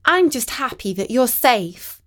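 A woman's voice: a little high, very animated, a little slow. A woman voicing an anxious but composed young girl who speaks politely and carefully. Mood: reassuring.

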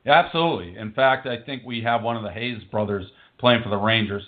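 A man's voice: lowish voice, a little fast. A man hosting a call-in radio show, talking bluntly and rambling casually between callers. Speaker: host taking listener calls. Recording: narrow phone-like audio.

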